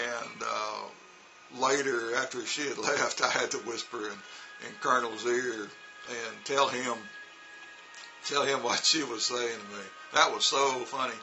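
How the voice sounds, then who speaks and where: This is a man with a gravelly, very bright voice, casually telling stories about his teaching years. He rambles along, restarting sentences and filling pauses. Soft music plays faintly behind him. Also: mid-range voice, rough recording. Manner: rambling, many fillers and restarts. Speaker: vlogger recounting teaching in China. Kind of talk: casual storytelling.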